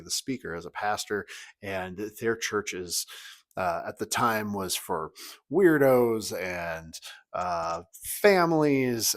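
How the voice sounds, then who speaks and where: A man in his thirties with a fairly low voice, talking to his congregation as their pastor. He chats in a relaxed, joking way and tells stories with plenty of up-and-down energy. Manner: conversational, humorous storytelling with big pitch swings. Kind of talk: weekly church video message.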